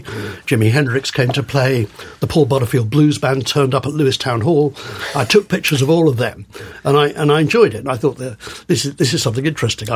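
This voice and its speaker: A man's voice: mid-range voice, slight background noise. An older man, a guest on an interview podcast, telling long rambling anecdotes with many repeated words. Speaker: guest, former music writer and photographer. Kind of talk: relaxed reminiscing in conversation.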